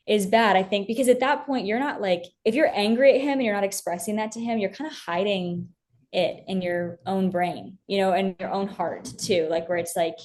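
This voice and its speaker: A woman's voice: medium pitch, normal speed, a little mellow. A young woman as an interview guest, talking earnestly and from the heart about her faith, with many fillers and restarts. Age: young adult.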